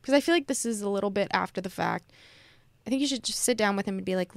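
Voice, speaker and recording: A woman's voice: mid-range voice, fast talker, vocal fry, no echo. A woman co-hosting a podcast, chatting frankly with lots of fillers and reading out a listener's question. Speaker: podcast co-host.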